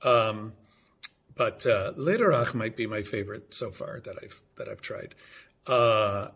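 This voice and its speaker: A man's voice: on the low side, measured pace, gravelly, a bit bright, husky. A man in his fifties telling a rambling, casual story on his vlog, full of hesitations, fillers and restarts. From United States. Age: 50s. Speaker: vlogger.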